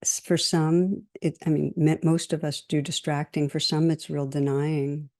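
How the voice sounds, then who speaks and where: Low, mellow-voiced woman giving a dharma talk. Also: little pitch movement. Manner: gentle, measured, with lists and told stories. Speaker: meditation teacher.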